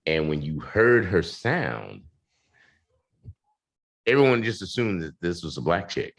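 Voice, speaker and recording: A man hosting an interview, talking in an animated, hyped way with lots of fillers over a video call. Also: low voice, a little slow. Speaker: podcast host. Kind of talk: casual interview talk.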